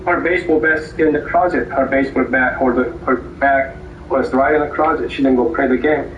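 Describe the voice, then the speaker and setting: A man in a police interview, speaking halting, broken English full of restarts. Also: mid-range voice, steady tone, a little hiss or hum. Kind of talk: interrogation footage. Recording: echoey, distant, dull interview-room recording.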